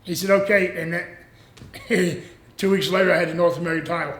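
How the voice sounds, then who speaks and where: A man's voice: sits high, steady tone, a little fast, a bit bright. Man in his 60s, rambling wrestling stories, chuckling, echoey room. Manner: rambling, chuckling, acts out others' lines. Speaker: retired pro wrestler telling stories. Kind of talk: casual storytelling interview.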